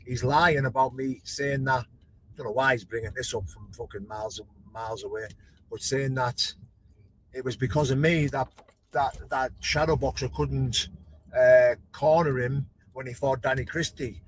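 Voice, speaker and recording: A man's voice: medium pitch, fairly even intonation, moderate pace, a little hiss or hum, low-quality recording. A man making a callout video, aggrieved and defensive, calling the other person "mate" again and again.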